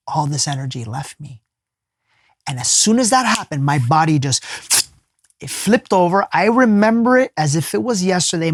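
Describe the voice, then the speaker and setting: A man, a life coach appearing as a podcast guest, telling a personal story in an earnest, emphatic way and sometimes dropping to a soft hush. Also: fairly high pitch, no room sound, clean studio sound. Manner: casual speech with many fillers and restarts.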